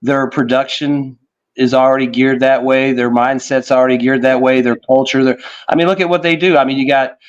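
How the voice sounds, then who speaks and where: Man, casual political podcast chat, rambling with fillers, offhand swearing, slightly muffled audio. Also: medium pitch. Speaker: podcast co-host.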